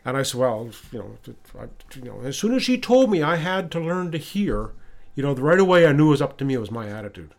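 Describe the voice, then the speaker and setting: A man's voice: mid-range voice, sing-song, quick pace. A man hosting a podcast, casually telling a personal story and retelling conversations, often restarting and repeating words. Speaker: podcast host. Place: lives in Ottawa.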